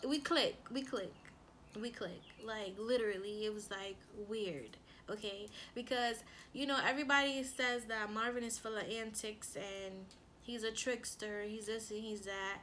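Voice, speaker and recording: A woman who is a mother, chatting casually through a storytime, animated and full of "like" and her own quoted thoughts. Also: on the high side, slight background noise. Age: adult with a son. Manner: animated, lots of "like" and quoted self-talk. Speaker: relationship coach and vlogger.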